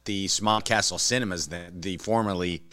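A lower-pitched man with a bright, crisp voice, hosting a podcast. He is jokey and effusive, and the recording is close and dry. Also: moderate pace, no room sound. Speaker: host. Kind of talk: casual chat.

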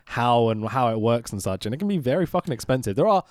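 Lively man in podcast chat. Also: mid-range voice, quick pace, no echo, studio quality. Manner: swears freely, laughs often, lively storytelling. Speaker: podcast co-host.

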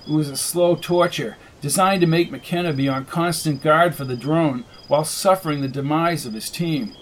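A man's voice: on the high side, a little hiss or hum, rough recording. Man reading a science fiction audiobook. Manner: steady, measured storytelling. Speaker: audiobook narrator. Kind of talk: scripted narration.

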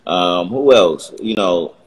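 A man with a fairly low voice tells behind-the-scenes stories in a relaxed, slangy way. He talks like he's chatting with friends, loose and animated. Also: slow pace, rough recording. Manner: laid-back, slangy, animated retelling of stories. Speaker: guest, former sitcom actor. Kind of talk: casual storytelling.

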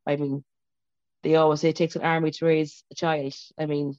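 A woman's voice: deep voice, flat delivery, a little fast, darkish tone, clean tone, dry recording, dull audio. A woman, an interview guest, telling an emotional personal story in a rambling, self-interrupting way, speaking over a video call. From Ireland.

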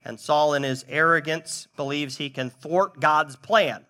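A man preaching a sermon, retelling a story in an animated way and acting out the quotes. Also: a little high, a little slow. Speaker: pastor.

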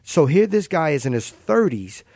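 A man's voice: on the high side, very animated, normal speed, creaky, a little mellow, breathy edge, dry recording. A man co-hosting a casual faith-based podcast, telling stories in an earnest, conversational way. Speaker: co-host.

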